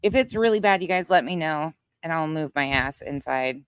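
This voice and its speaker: A woman's voice: low voice, expressive, normal speed, clean tone, dry recording. A woman hosting a casual livestream, chatting bluntly with her viewers, swearing now and then. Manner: blunt, swears, greets chat names. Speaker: livestream host. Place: outdoors at night, windy.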